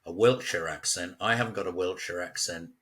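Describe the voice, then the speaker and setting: His voice sits low and sounds fairly bright and slightly rough, and he talks a little fast. He's an English local guest from West London, spinning stories with plenty of laughs in a relaxed chat.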